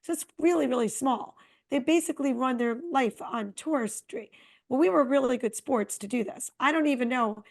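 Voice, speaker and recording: A middle-aged woman co-hosting a podcast, chatting casually and telling a long, animated travel story. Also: high-pitched, normal speed, vocal fry. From Connecticut. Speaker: podcast co-host. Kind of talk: casual chat.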